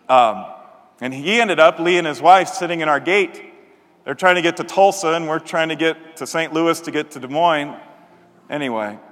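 A man's voice: on the high side, a bit bright. A man pastor preaching a sermon, telling a story and acting out the voices he quotes with animation. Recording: long hall reverb.

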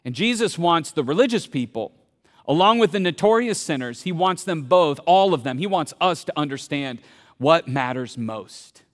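A man preaching a sermon in a conversational way, asking the audience questions and swinging between loud bursts and hushed tones. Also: fairly high pitch, animated, normal speed, long reverb tail. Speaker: pastor.

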